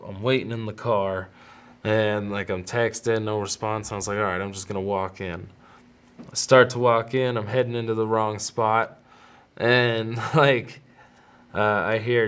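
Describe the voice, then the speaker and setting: A man's voice: fairly low pitch, steady tone, unhurried, fairly bright tone, clear, resonant tone. A man in his thirties, hosting a podcast, who tells a personal story in a loose, rambling way, with restarts and quoted dialogue. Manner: rambling, self-interrupting, with laughs and quoted voices. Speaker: podcast host. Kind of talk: casual storytelling monologue.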